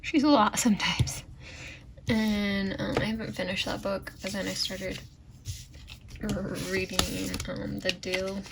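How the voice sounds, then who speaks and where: A woman's voice: medium pitch, flat delivery, unhurried, gravelly, heavy background noise. A woman chatting casually as she narrates a plan-with-me video and talks to her baby now and then. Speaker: planner vlogger.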